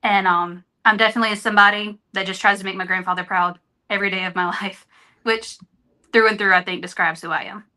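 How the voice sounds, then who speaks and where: A woman's voice: mid-range voice, fairly even intonation, fast, sharp tone. A woman guest on a podcast, speaking earnestly and openly in candid conversation. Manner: earnest, openhearted storytelling. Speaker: interview guest.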